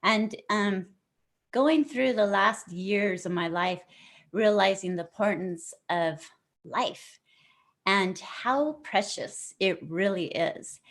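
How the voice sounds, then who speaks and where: A woman's voice: mid-range voice, takes it slowly. A middle-aged woman being interviewed as a guest author, sharing in an earnest, effusive way that turns tearful at moments. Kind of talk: emotional personal sharing in an online interview.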